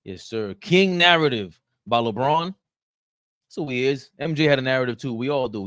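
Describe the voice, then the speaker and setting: A man hosting a loose live-stream sports talk show, reading viewer comments and ranting in an animated, bantering way. His pitch sits in an ordinary middle range, and the sound is close and dry, with no room echo. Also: moderate pace, clear, resonant tone.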